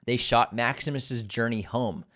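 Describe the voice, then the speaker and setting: A man's voice: medium pitch, measured pace, fairly bright tone. Guy on a movie podcast explaining stuff, quizzes his cohost, medium voice. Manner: explanatory, asks quiz questions, adds "you know". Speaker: podcast co-host. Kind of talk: casual movie chat.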